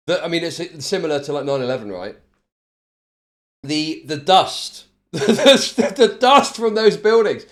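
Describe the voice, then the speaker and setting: A man's voice: high-pitched, sing-song, normal speed. A man giving blunt, profane live-stream commentary on news clips, laughing often.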